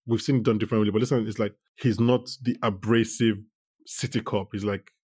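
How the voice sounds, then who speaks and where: Animated lower-voiced man chatting. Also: husky. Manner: animated, quick asides and restarts. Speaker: podcast co-host. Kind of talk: casual chat reviewing a TV show.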